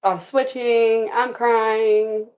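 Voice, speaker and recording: A woman's voice: a little high, flat delivery, extremely slow, highs cut off. A young woman, a podcast guest, telling her birth story casually and with animation, laughing often and acting out what others said.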